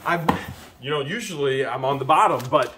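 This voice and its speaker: A man vlogging as he opens gifts and counts them aloud, excitable and expressive, his voice jumping up when he is thrilled. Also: fairly high pitch, a little fast, a crowd in the background. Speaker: YouTube vlogger. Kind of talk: casual unboxing chat. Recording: noisy home video recording.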